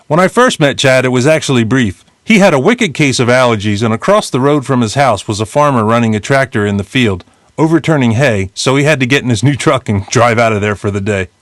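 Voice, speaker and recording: A man's voice: medium pitch, fairly quick, dry recording. Fifties guy from new jersey reading his memoir, bouncy up and down delivery, dry close sound. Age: 50s. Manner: lively, blunt storytelling with casual swearing. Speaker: memoir narrator.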